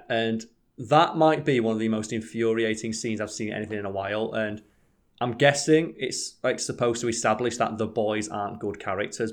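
A man in casual chat, swearing often and acting out quotes. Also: fairly low pitch.

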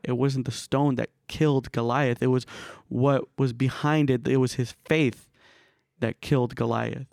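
A teenage boy speaking as a podcast guest, preaching in an earnest, repetitive style with a gravelly edge to his mid-pitched voice. The recording is dry and close. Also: a little mellow, dry recording. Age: teens. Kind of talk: preaching encouragement.

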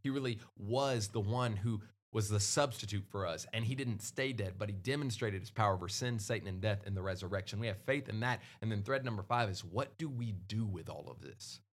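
A man hosting a casual Christian podcast, talking earnestly and hitting his points hard with loud peaks. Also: on the low side, a little fast, few pauses. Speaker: podcast host.

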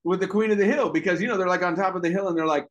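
A man's voice: high voice, racing, fairly bright tone. Chatty male comedy host. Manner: chatty, checking in with the audience. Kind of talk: stand-up comedy bit.

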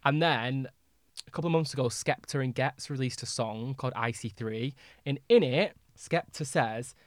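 A man co-hosting a podcast in casual chat. He sounds opinionated and animated, and he laughs easily. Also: mid-range voice, moderate pace, no room sound, clean studio sound. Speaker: podcast co-host.

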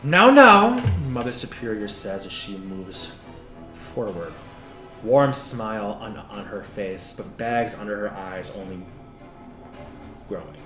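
A man's voice: on the low side, unhurried, pauses often, echoey room, over music. A man narrating as game master in a laid-back way, describing scenes with casual swearing.

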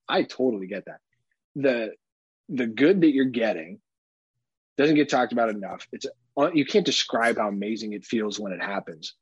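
A man co-hosting a podcast about fatherhood, talking candidly in casual chat, swearing freely and slipping into animated impressions. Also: on the low side, husky, no echo, highs cut off. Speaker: podcast co-host.

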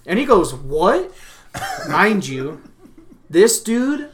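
A man's voice: a little high, moderate pace, a bit bright. A young man casually telling a story on a podcast, swearing freely and acting out both sides of old phone calls. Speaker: podcast host.

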